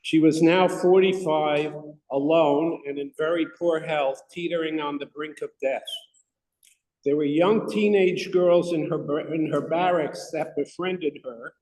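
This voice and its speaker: Lay speaker, male, a touch high-pitched, reading haltingly in a room with long reverb. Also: a little mellow. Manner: hesitant, halting, with many restarts. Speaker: lay speaker giving a talk. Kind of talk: reading a prepared talk to a congregation. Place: synagogue room. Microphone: microphone not working.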